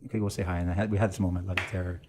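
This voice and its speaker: A middle-aged man from Canada, a priest, telling an emotional family story in a halting way with bursts of laughter. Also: sits low, little pitch movement, slight background noise. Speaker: priest guest. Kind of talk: personal storytelling interview.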